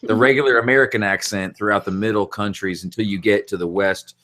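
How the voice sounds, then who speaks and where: A man's voice: lowish voice, fairly even intonation, fast talker, fairly bright tone. A man chatting on a live stream, blunt and swearing constantly. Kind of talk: casual group chat.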